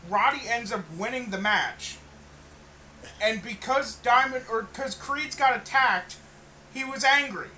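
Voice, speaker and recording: A man's voice: very high-pitched, unhurried, bright, forceful tone, slight background noise, rough recording. A man co-hosting a casual wrestling podcast, rambling, swearing and correcting himself mid-sentence. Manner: rambling, profane, self-correcting. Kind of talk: casual chat.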